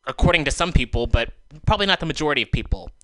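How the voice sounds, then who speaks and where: A man's voice: mid-range voice, expressive, racing, fairly bright tone, no room sound. A male radio host giving solo commentary in a studio, exasperated and sarcastic, swearing as he vents, speaking into a handheld microphone. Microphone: handheld microphone taken off the stand.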